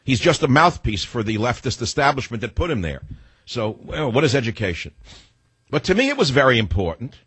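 Husky man ranting on talk radio. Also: medium pitch, big pitch swings, fairly quick, a bit bright, no echo. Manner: combative, rambling, digressive storytelling. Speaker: radio talk show host. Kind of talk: opinionated talk radio monologue.

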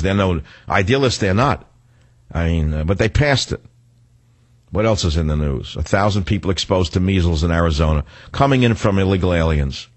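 An older male radio host holds forth in a low, slightly husky voice that swings widely in pitch as he rants. His delivery is sarcastic and rambling, full of restarts and asides. The studio sound is close and dry. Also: no room sound. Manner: sarcastic, rambling, animated rants with self-corrections. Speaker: radio talk show host. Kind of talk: talk radio monologue.

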